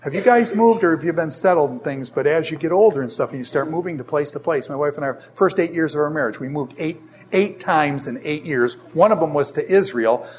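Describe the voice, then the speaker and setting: With a slightly high voice and a brisk pace, an older man teaches an informal Bible class, quizzing students and spinning stories full of lively energy.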